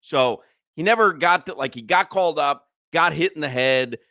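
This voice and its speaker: A man's voice: fairly high pitch, moderate pace, sharp tone, no echo. A man co-hosting a sports radio show, telling rambling stories in casual banter with many fillers, close on a studio microphone. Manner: rambling storyteller, thinks aloud with fillers.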